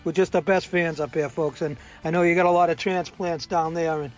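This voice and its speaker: An older man with a strong Boston accent talks in a loose, chatty way, full of you-knows and ums. His voice sits a bit high for a man. The recording sounds dull and lo-fi, with faint music underneath. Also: fairly even intonation, fairly quick. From New England. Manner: chatty, many fillers. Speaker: weekly contributor. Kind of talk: casual recorded update.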